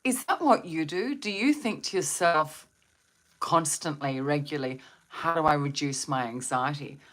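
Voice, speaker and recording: A woman's voice: low-pitched, moderate pace, fairly bright tone. A woman hosting a live stream on wellbeing, talking to viewers in a soothing, reflective way and asking them questions. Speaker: meditation and wellbeing host.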